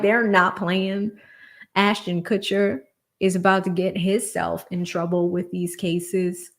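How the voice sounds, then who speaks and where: A woman hosting a livestream, chatting casually, thanking donors and laughing often. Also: lowish voice. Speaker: livestream host.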